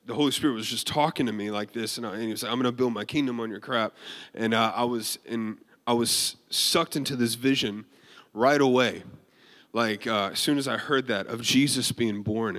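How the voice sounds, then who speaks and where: A male preacher with a mid-range voice relates a personal story in his sermon. His style is animated and conversational, marked by frequent restarts.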